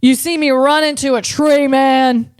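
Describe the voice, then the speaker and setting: A woman voicing a clumsy little robot who is bewildered and talks slowly after a crash. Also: high voice, fairly even intonation, dry recording, studio quality. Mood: dazed.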